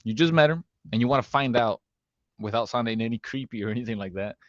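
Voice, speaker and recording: A man co-hosting a casual podcast chat, quick to laugh and raise his voice. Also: medium pitch, dry recording, highs cut off. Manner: quick, loud, laughs often. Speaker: podcast co-host.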